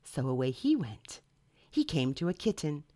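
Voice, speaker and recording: A woman reading a children's picture book aloud in an expressive, sing-song way. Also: deep voice, moderate pace, dry recording, clean studio sound. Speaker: storyteller.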